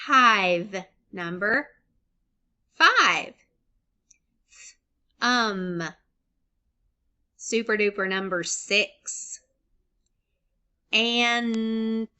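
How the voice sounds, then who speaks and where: Bright, slow-talking woman teaching phonics. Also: mid-range voice. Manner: slow, clearly segments sounds and syllables, encouraging. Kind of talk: recorded phonics lesson for young children.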